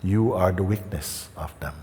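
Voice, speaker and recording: A man giving a satsang talk as a spiritual teacher, gentle and unhurried, often checking in with listeners by asking questions. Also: low-pitched, heavy background noise. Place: large meeting hall. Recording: echoey hall with faint ambience.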